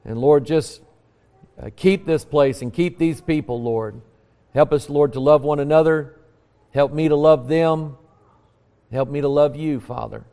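A man preaching a sermon to a congregation, building to emphatic peaks and dropping to quiet, earnest prayer. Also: on the high side, unhurried, pauses often, long reverb tail. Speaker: pastor. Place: church sanctuary.

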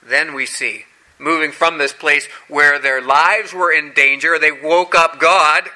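A man preaching a sermon with a high, very bright voice. He speaks slowly and deliberately. He acts out the scripture quotes dramatically, sometimes dropping low and quiet, sometimes rising high and loud. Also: steady tone, poor audio.

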